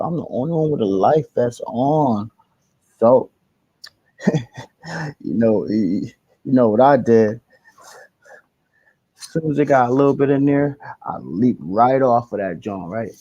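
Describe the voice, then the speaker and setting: Young man rambling through a story, husky voice. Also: medium pitch, a little slow, long pauses, no room sound, dull audio. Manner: rambling, slangy, animated retelling with self-corrections. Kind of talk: casual storytime vlog.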